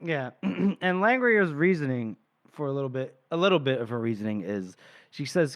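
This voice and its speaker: A man co-hosting a book podcast, speaking at an ordinary middle pitch. He retells scenes casually and slips characters' lines into his recap. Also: expressive, moderate pace, fairly bright tone. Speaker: podcast co-host.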